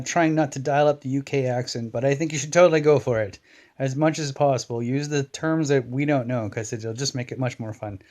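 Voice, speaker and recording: Man, mid pitch, friendly chatty voicemail, casual. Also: darkish tone. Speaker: caller.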